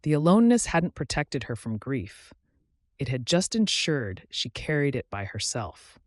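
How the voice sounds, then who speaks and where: A man reading a romance audiobook in a calm, measured way, his voice softly dropping at the ends of sentences. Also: medium pitch, no echo, studio quality. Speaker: audiobook narrator. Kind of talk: scripted audiobook narration.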